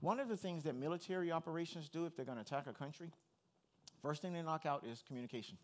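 A male pastor preaching a sermon, animated and talking straight to his congregation. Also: fairly high pitch, fast. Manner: animated, addresses the congregation directly.

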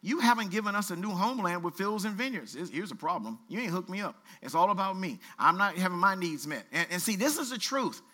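A man pastor preaching a sermon, reading scripture aloud with colloquial asides and lively exhortation. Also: high voice, fast, hardly any pauses. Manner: animated preaching, reads scripture aloud with asides and playful voices.

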